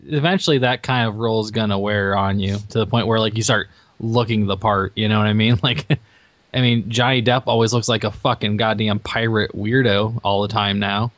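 A man's voice: fairly low pitch, steady tone, a little fast, a bit bright, no room sound, muffled recording. A man in casual podcast chat, laid-back, laughing often and swearing casually.

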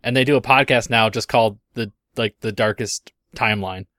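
A young man talks casually on a podcast, laughing and telling stories with animation. His voice is bright and sits close and dry on the mic. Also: lowish voice, steady tone, fairly quick, dry recording. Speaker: podcast co-host. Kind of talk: casual chat.

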